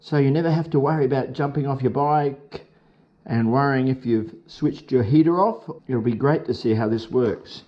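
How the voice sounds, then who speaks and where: A motorcycle vlogger with hiccups gives a casual how-to, talking through a motorcycle job step by step in a chatty, upbeat way. His voice is medium-pitched at a moderate pace, and the sound is lo-fi.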